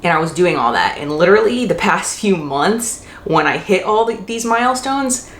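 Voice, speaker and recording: A woman's voice: fairly low pitch, expressive, normal speed. A young woman answering viewer questions in a casual vlog, talking in a chatty way with lots of fillers and self-corrections. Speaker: mom vlogger. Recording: echoey room with faint hiss.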